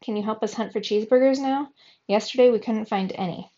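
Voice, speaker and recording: A woman's voice: fairly high pitch, a little fast, dark tone, natural voice. A woman reading aloud, voicing an eager and blunt teenage boy from a fairy-tale world, on a slightly muffled recording.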